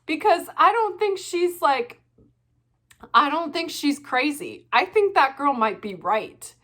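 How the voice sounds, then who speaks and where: A woman vlogging her casual reaction commentary, animated and laughing often, with frequent swearing. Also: high-pitched, takes it slowly.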